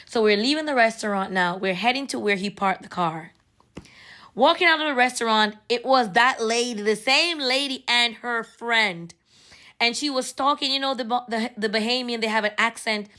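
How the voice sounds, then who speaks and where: A young woman casually telling a story, animated and slipping into patois. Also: on the high side, normal speed. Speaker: vlogger.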